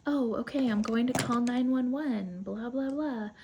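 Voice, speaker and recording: A woman's voice: fairly high pitch, measured pace, background noise, voice pushed up. Woman quoting a tense, dismissive dad, guilty and angry. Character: angry guilty father, middle-aged man.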